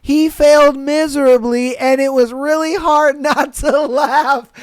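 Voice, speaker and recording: Brief: high-voiced male podcast host, loose, slangy, laughing, dry close mic. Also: no room sound. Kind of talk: casual reading and commentary.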